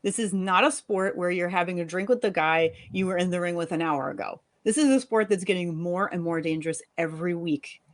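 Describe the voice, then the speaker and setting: A woman reading the part of a fed-up young wife and mother, sharp and sarcastic with her husband. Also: fairly low pitch, close to an everyday voice. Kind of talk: live fiction reading.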